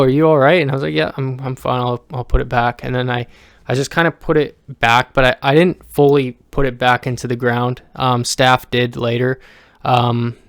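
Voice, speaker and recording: Young male vlogger, clear resonant voice, dry recording, meandering and hesitant. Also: medium pitch, no echo. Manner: halting, many ums and restarts. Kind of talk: casual rambling monologue.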